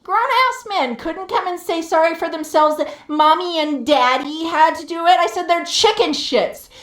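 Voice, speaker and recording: A woman's voice: very high voice, moderate pace, fairly bright tone. A woman live streamer ranting heatedly while she games, swearing and repeating herself for emphasis. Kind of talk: venting rant while gaming live. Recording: roomy echo.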